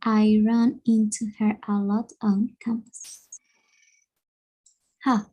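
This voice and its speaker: A woman's voice: medium pitch, little pitch movement, takes it slowly, dark tone, poor audio. A woman whose first language is Spanish, practicing as a student in an English lesson, hesitant and repeating phrases.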